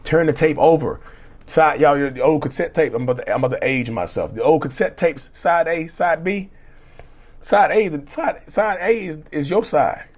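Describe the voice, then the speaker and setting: Husky middle-aged man giving blunt advice. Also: on the high side, moderate pace. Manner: emphatic, repetitive, blunt with cussing. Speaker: relationship coach. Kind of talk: casual motivational talk.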